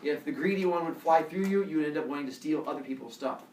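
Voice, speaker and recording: A male teacher telling a myth to his class in an animated way, with a camera across a classroom. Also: fairly high pitch, fast, distant mic, a little hiss or hum. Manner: animated, acts out every voice. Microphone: camera across the room. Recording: roomy classroom heard from afar.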